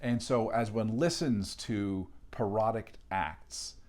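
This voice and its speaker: Man lecturing in a low, measured voice. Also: a little mellow. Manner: thoughtful, searching for words, measured. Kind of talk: informal academic lecture.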